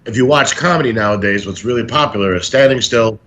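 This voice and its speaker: A stand-up comedian guest telling showbiz stories in a casual interview, animated and acting things out as he talks. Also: mid-range voice, fast talker. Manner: animated, acts out stories and quotes.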